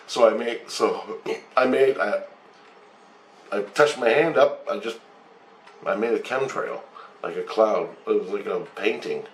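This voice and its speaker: A man's voice: lowish voice, normal speed. Man telling a rambling, profane story. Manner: rambling, profane, animated retelling with acted-out quotes. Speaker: channel host. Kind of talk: casual storytelling. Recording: echoey room with faint noise.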